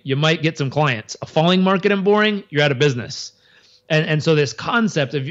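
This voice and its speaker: A man giving an interview in a casual, animated way, acting out crowd reactions and often restarting his sentences. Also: on the high side, highs cut off. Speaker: interview guest.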